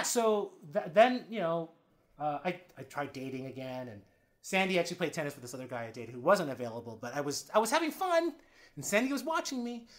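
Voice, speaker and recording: Expressive man telling candid stories. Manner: expressive, swinging between loud animated bursts and low quiet passages; candid and profane, acts out other people's lines. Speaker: podcast guest. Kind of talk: candid storytelling in a podcast interview.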